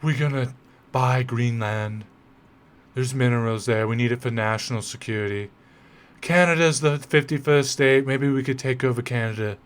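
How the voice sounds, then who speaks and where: A man putting on a boastful, rambling older male politician for a quick impression. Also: a little high, expressive, lightly acted.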